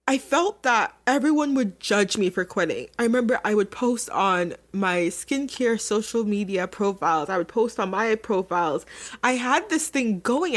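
Candid young woman telling her story. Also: on the high side. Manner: candid and emotional, with filler-heavy restarts. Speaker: podcast host. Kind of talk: personal storytelling to listeners.

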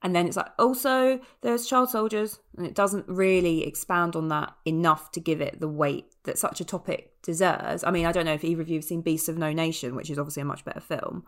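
A woman's voice: low-pitched, fairly even intonation, fast, hardly any pauses. A woman speaking in an articulate, thoughtful, critical way as a podcast co-host in a casual film-review chat.

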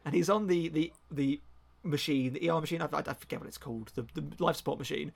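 On a podcast, a male co-host chats casually and enthusiastically, rambling with plenty of restarts and self-corrections. He talks fast, and his voice sits slightly high for a man with a gravelly edge.

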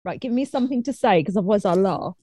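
A woman, a guest chatting casually on a video call, soft and easily amused. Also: mid-range voice, expressive, fast talker, dry recording.

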